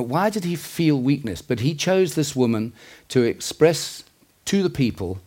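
A man's voice: medium pitch, a little mellow. A male preacher delivers a sermon in an earnest, conversational tone, with a mid-range voice. He breaks off now and then for asides and small self-corrections, then picks the thread back up.

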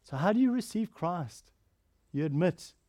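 An earnest male preacher with a fairly high voice delivers a sermon, pressing hard on key phrases before easing into soft, hushed stretches. The sound is close and dry, with no room around it. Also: animated, unhurried, no room sound. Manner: earnest preaching, rising to emphatic then dropping soft and quiet.

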